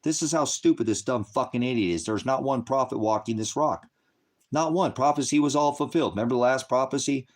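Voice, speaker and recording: A man's voice: mid-range voice, quick pace, few pauses. A man hosting a ministry livestream, angrily and profanely berating commenters in his chat while lecturing on scripture. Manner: angry, profane, combative; heckling and lecturing.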